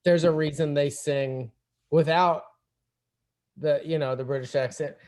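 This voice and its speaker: A man's voice: fairly high pitch, fairly even intonation, unhurried, darkish tone. A man moderating an online songwriting workshop, easygoing and friendly in casual conversation.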